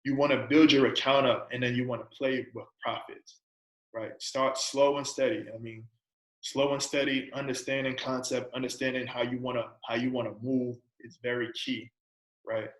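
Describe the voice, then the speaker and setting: A man's voice: mid-range voice, level tone, moderate pace, echoey room, low-quality recording. A man teaching an informal trading lesson, talking casually, tagging his points with "right?" and "you know", and asking a string of coaching questions. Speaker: trading presenter.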